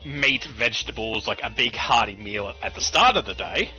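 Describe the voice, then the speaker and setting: A man's voice: medium pitch, expressive, moderate pace, bright, forceful tone. A man chatting on a stream, ranting animatedly and swearing often. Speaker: guest on a stream. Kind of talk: casual chat. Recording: muffled stream audio with faint music.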